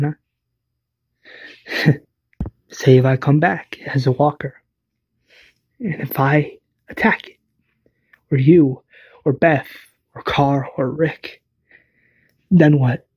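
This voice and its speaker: A man voicing a frightened pregnant woman who pleads urgently and swears in his own husky voice. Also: mid-range voice, fairly even intonation, slow pace, long pauses, dry recording, lo-fi sound. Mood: desperate.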